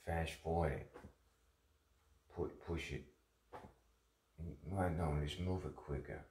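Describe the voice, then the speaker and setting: Man, very low and gravelly, slow musing spoken-word delivery, half-whispered at times. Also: steady tone, a little mellow, echoey room, far from the mic, a little hiss or hum.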